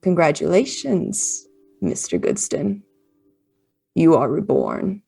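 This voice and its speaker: Brief: woman voicing a menacing male vampire, quiet and disdainful. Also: fairly high pitch, wildly swooping pitch, slow pace, gravelly, breathy edge, faint music behind, voice pushed down, heavily acted.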